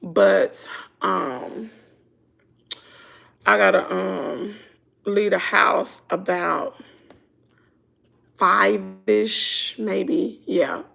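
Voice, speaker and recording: A hoarse woman with a Southern US accent, chatting casually with viewers on a live stream. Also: medium pitch, very slow, pauses often, a bit bright. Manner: chatty, talks to viewers as y'all. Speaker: vlogger.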